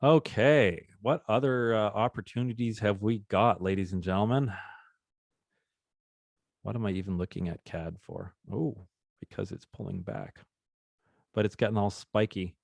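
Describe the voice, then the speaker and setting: A man's voice: lowish voice, normal speed, vocal fry, pauses often, no room sound. A man hosting a live trading session, talking through charts in a chatty, upbeat way and joking with the group. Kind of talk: casual live trading demonstration.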